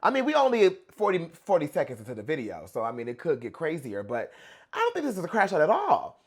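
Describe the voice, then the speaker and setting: A young man giving casual pop culture reaction commentary in an animated, gossipy way. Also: fairly high pitch, fast, husky. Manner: animated, gossipy, dramatic outbursts.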